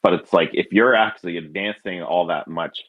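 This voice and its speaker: A man in casual podcast chat who speaks haltingly, with many fillers and restarts, on a dull lo-fi recording. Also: low-pitched. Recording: dull, husky lo-fi sound.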